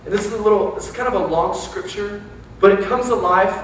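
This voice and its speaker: High-voiced youth pastor in echoey hall. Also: male voice, a little hiss or hum. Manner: animated, talks straight to the crowd with quick asides. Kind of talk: casual sermon. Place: church sanctuary. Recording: echoey church hall, mic from a distance.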